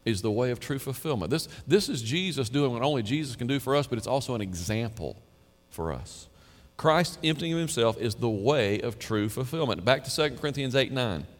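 A male pastor preaching with emphatic, conversational energy, his voice pitched in a middle register. He sometimes sinks to a low hush. A long reverb trails his words through a large hall. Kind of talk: sermon.

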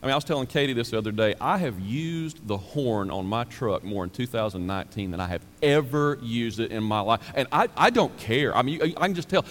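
A male pastor preaching a sermon, animated and self-deprecating, acting out everyday excuses with shifting voices. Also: mid-range voice, fairly quick, few pauses. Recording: long hall reverb.

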